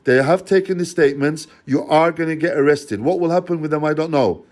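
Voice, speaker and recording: Man on a phone call, fairly high voice, accusing, confrontational rant. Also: brisk, a little mellow. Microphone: phone call recording.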